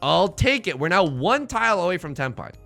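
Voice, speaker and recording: A man's voice: sits high, big pitch swings, brisk, creaky, sharp tone, faint music behind. A man hosting a let's play, rambling playfully through casual game commentary with jokey asides.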